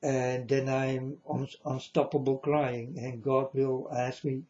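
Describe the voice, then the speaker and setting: Man, slow halting delivery, mellow dark tone, solemn, repeats himself, muffled low-fi recording. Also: little pitch movement. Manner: solemn, halting, repeats phrases, sometimes loud. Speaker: self-styled prophet. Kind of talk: religious monologue to viewers.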